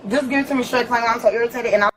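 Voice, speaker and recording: A woman's voice: a little high, fairly even intonation, very fast, rough recording. A woman detained at a gas station, crying and arguing insistently with a police officer. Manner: upset, argumentative, insistent. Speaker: detained customer.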